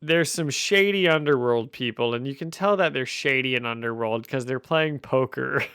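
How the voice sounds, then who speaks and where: Jokey man with a clear voice. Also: medium pitch, normal speed, a bit bright, no room sound, studio quality. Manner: jokey, laughs often while recapping. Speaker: podcast host. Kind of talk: casual chat.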